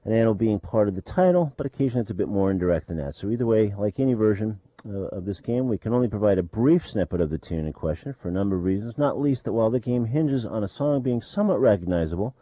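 Low-voiced, halting radio host. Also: male voice, expressive, dry recording, lo-fi sound. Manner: halting, full of uh and um fillers. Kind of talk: casual radio talk. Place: college radio studio.

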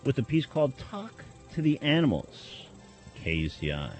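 A man's voice: medium pitch, big pitch swings, normal speed, darkish tone, faint music behind. A man hosting a college radio talk show, announcing with frequent hesitations and fillers. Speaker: radio host.

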